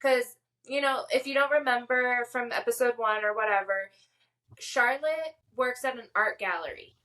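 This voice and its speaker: Bright-voiced deadpan woman co-host. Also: on the high side, moderate pace. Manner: deadpan delivery. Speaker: podcast co-host. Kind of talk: casual chat.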